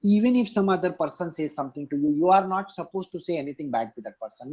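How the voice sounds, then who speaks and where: A man with a fairly high, expressive voice and a darkish tone delivers an emphatic scripture discourse over a video call, speaking quickly with few pauses. He is a spiritual teacher who repeats key lines and puts questions to his listeners. The online call leaves the recording sounding muffled.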